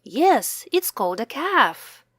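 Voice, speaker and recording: A woman voicing a patient mother in a storybook reading, explaining things gently to a small child. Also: high voice, big pitch swings, takes it slowly, no echo, clean studio sound, pitched above the performer's own voice, full character voice.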